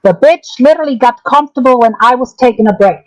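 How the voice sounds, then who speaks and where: A woman's voice: on the high side, quick pace, a little mellow, low-quality recording. Woman ranting angrily. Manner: angry, profane, repetitive ranting. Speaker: streamer. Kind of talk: livestream drama commentary.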